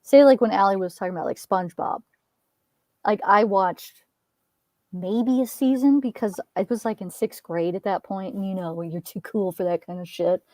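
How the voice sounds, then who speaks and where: A woman's voice: medium pitch, normal speed, mellow, dry recording. A woman in her thirties in a casual chat, rambling and chatty, laughing and swearing. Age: 30s. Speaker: co-host.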